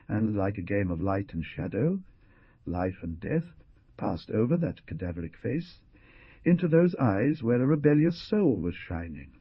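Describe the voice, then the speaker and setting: A man reading a novel aloud as an audiobook narrator, in measured, descriptive narration. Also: lowish voice, breathy edge, no echo, lo-fi sound. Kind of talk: scripted narration.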